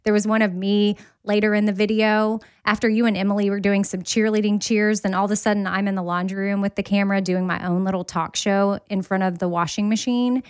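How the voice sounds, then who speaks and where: A woman's voice: mid-range voice, flat delivery, a little fast, hardly any pauses, clear, resonant tone, dry recording, studio quality. A woman hosting a podcast, talking in a chatty, upbeat way. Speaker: podcast host. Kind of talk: casual chat.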